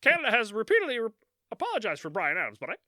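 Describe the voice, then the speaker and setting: A man's voice: high voice, huge pitch swings, racing, pushed and bright, dry recording, studio quality, pitched above the performer's own voice, full character voice. A man putting on the voice of an exaggerated, chummy Canadian man with a mocking, sing-song delivery. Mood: teasing.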